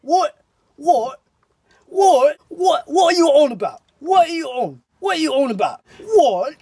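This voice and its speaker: A man's voice: very animated, measured pace, darkish tone, no room sound, studio quality, distant mic, heavily acted. A man putting on a baffled, indignant young British man who keeps asking frantic, confused questions. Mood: bewildered. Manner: repeating frantic high questions.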